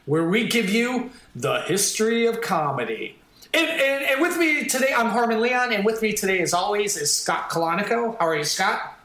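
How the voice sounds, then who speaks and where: High, bright-voiced podcast host. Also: male voice, expressive, soft background music. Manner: halting, lots of restarts, upbeat. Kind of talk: casual podcast chat. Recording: echoey room.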